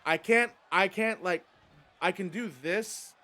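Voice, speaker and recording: A man with a high-pitched voice gives casual, chatty commentary over a video game wrestling match. He rambles, swears, and gets excitable as he tells stories between the moves. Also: slow pace. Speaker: host and commentator.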